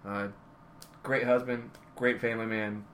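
A man's voice: medium pitch, flat delivery, measured pace, a bit bright, slight background noise. A man telling rambling wrestling stories in casual conversation, often correcting himself. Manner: rambling, self-correcting anecdotes. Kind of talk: casual storytelling.

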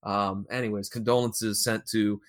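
A man hosting a casual podcast, chatting about wrestling news and jumping between loud and quiet remarks. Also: on the low side, little pitch movement, moderate pace. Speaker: podcast host.

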